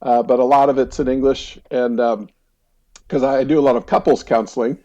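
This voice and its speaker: A middle-aged American man with a warm, mellow tone speaks as a podcast guest, chatty and relaxed with plenty of ums and easy laughter. His voice comes through slightly dull and lo-fi, as over a remote call. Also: medium pitch, normal speed. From United States. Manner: relaxed, chatty, laughs easily, frequent fillers. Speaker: counselor guest. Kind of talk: casual interview storytelling.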